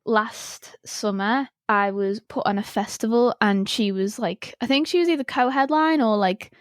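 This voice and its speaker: A young woman from Liverpool with a fairly high voice and a Liverpool accent. She tells her story as an excited, giggly guest, peppering it with "like". The sound is dry and close. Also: moderate pace, dry recording. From Liverpool, England. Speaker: guest musician. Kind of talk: casual interview chat.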